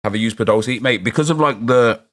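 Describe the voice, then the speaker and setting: With a medium-pitched, fairly bright voice, a young man chats casually while streaming a football game. He rambles, reacts to picks, and replies to his viewers' chat.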